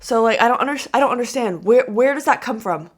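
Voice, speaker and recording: A woman's voice: a little high, expressive, fast, slight background noise. A woman reacting to clips in a casual vlog, talking to camera in a chatty, exasperated way with lots of "like". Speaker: commentary vlogger.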